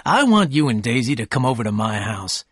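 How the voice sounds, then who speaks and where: A man's voice: mid-range voice, very animated, brisk, breathy edge, dry recording, studio quality. A man playing a charming, eager wealthy young man in a storybook reading, genial and courteous. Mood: cheerful.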